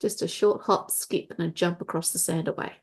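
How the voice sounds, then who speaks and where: A woman running a tabletop role-playing game as game master, narrating scenes in a relaxed, conversational way. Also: fairly low pitch, fairly quick.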